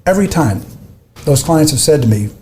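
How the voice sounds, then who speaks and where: Brief: older male expert, slightly high voice, mellow tone, emphatic step-by-step explainer. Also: animated, a little fast, a little hiss or hum. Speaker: advertising expert guest. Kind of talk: conversational teaching.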